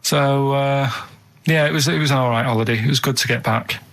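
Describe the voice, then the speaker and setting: A man in his thirties chatting on a radio show, telling stories in a blunt, deadpan way. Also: medium pitch, fairly quick. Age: 30s. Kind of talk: casual chat.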